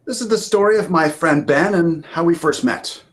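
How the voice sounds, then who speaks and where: A children's author from Maine, USA, reads his picture book aloud over a video call. His fairly high voice moves at a moderate pace, and he's animated and chatty, using many fillers.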